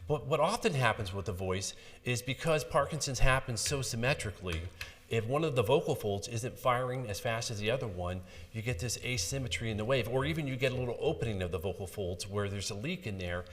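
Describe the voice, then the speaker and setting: A man's voice: medium pitch, animated, brisk, fairly bright tone. A man who is a speech language pathologist, giving a conversational, clinical explanation in a conference lecture. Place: conference hall. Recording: long hall reverb.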